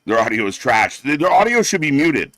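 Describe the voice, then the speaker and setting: Sarcastic, swearing livestream host, lively. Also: male voice, mid-range voice, a little fast, no echo. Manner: sarcastic, mocking, heavily profane. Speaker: watch-party livestream host. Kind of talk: profane live commentary rant.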